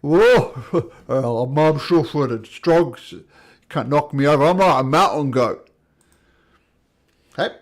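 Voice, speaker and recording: A man voicing a blinded male giant who complains loudly in a raised, put-on voice. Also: lively intonation, slow pace, long pauses. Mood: indignant. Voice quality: loud, high put-on voice. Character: blinded male giant, bullying then whiny.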